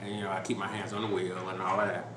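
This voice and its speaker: A man hosting a podcast, telling a story in a relaxed, rambling way with lots of fillers and restarts. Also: low voice, fast talker. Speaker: podcast host. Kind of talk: casual storytelling chat. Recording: roomy with background noise.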